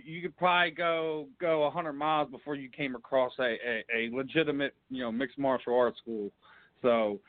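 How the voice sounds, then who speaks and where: A man's voice: medium pitch, no echo. A man with a Philadelphia accent hosting a casual interview, easygoing and chummy. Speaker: radio show host. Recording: dry, phone-like band.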